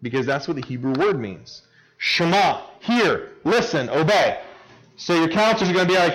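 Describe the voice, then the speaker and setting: A man's voice: fast, poor audio. A man in his thirties preaching a sermon to kids at camp, playful and joking, rising sharply when he stresses a word. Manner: lively, climbs in pitch and loudness when stressing a word; playful and joking with a young audience. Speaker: camp speaker.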